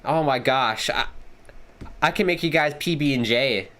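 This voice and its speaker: Excitable man hosting a live watchalong. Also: medium pitch, measured pace. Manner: excitable, reacts loudly to plays, swears casually. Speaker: livestream host. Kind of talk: casual live watchalong commentary.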